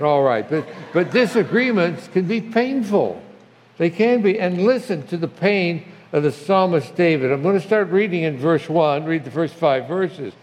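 A man's voice: on the high side, a little mellow. An older man preaching a conversational sermon as a pastor, reading scripture with feeling. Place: church sanctuary. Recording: long hall reverb.

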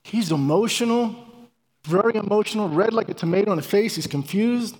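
A man's voice: high voice, fairly quick, breathy edge. A middle-aged man preaching a sermon and telling his own testimony in a fervent, repetitive, emphatic way. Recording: reverberant hall.

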